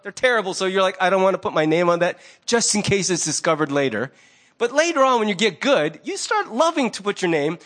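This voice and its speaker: A man, a pastor, preaching a sermon in a conversational, animated way. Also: sits high.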